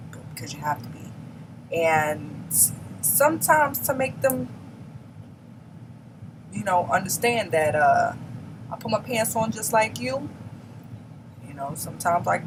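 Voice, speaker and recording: A woman's voice: fairly low pitch, noisy background. Blunt, candid woman vlogging. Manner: candid, blunt, emphatic with laughs. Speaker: beauty vlogger. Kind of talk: casual confessional chat.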